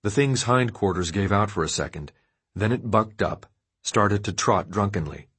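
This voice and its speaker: A man narrates a dark, violent story in a steady, measured audiobook reading. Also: on the low side, breathy edge. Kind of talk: scripted narration of dark fiction.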